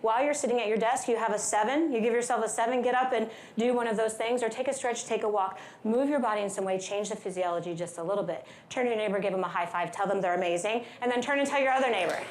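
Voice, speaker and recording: A woman giving an energetic, upbeat wellness talk at a conference, leading the audience through stretches and breathing with playful asides. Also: fairly high pitch, quick pace, few pauses, reverberant, a little hiss or hum. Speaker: wellness speaker. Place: large conference hall.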